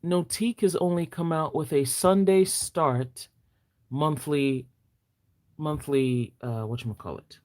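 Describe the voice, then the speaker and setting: A woman with a Nigerian accent chatting casually on a live stream, excitable, gasping and teasing her viewers playfully. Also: low voice, unhurried. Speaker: planner vlogger.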